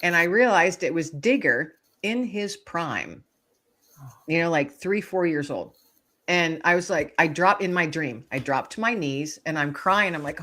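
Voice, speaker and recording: A woman guest author shares a personal story in a relaxed interview. Her voice sits a little low, and she tells the story with animated expression, bringing the quoted voices to life. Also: measured pace.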